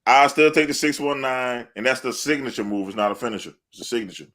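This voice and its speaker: A man's voice: mid-range voice, fast, fairly bright tone. A man co-hosting a wrestling podcast, talking loosely, cursing and laughing often. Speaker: podcast co-host. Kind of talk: casual wrestling chat.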